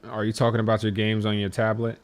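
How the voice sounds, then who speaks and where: A young man chatting casually on speakerphone, playfully teasing a friend and then gently talking with his small son. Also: fairly low pitch, monotone, quick pace. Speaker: streamer and father. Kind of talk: casual phone chat.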